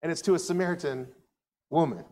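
A man's voice: fairly high pitch, brisk, long reverb tail. A man preaching a conversational sermon as a pastor, telling the story casually with frequent asides. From United States. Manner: animated storytelling, acting out quoted voices; casual asides and filler words.

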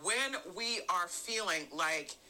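A middle-aged woman giving an earnest sermon, stressing her phrases and stretching some words out slowly. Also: lowish voice, lively intonation, bright, forceful tone, a little hiss or hum, low-quality recording. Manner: earnest, emphatic, drawn-out phrases. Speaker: church speaker.

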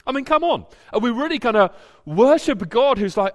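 A man preaching a sermon and reading scripture, animated, often repeating words as he builds a point. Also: very high-pitched, fairly quick. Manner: animated, repeats words when stirred, acts out quoted voices. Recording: long hall reverb.

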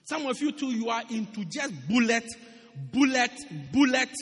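A man from South Africa preaching a sermon in an animated, repetitive way, often laughing at his own jokes. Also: very high-pitched, normal speed, husky. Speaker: pastor. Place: large church hall. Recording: long echoing church hall reverb.

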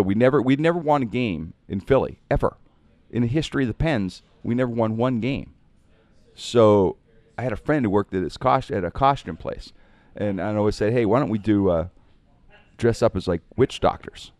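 Low-voiced man telling radio stories. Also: no echo. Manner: animated anecdotes with quoted voices. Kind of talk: casual storytelling on a podcast.

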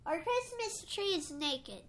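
High bright slow-talking woman co-host. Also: expressive. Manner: halting, with many restarts. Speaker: podcast co-host. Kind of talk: casual podcast chat.

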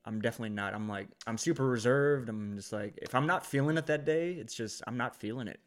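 A man's voice: mid-range voice, fast. A laid-back man in a casual chat who swears often and laughs a lot.

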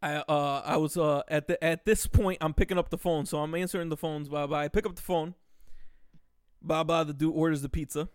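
A young man telling a story on a podcast, animated and profane, acting out the quotes loudly. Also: fairly high pitch, a little fast, clear, resonant tone, dry recording, clean studio sound. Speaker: podcast host. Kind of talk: casual storytelling.

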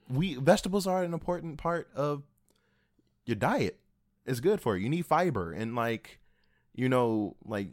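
A man's voice: mid-range voice, dry recording, clean studio sound. A man co-hosting a podcast in casual chat, laid-back, joking and profane. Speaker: podcast co-host.

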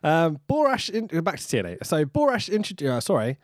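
A man's voice: a little high, wildly swooping pitch, fairly quick, few pauses, dry recording, clean studio sound. A man co-hosting a podcast, recapping with sarcasm, swearing and frequent laughter in casual chat. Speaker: podcast co-host.

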